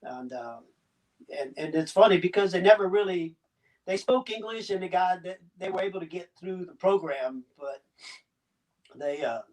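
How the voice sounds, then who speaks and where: Man in his 60s, slight Southern US accent, from Cuba, halting storyteller, restarts, chuckles, higher voice, off-mic sound. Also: animated, a little mellow. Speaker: guest. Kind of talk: casual interview storytelling. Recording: distant mic.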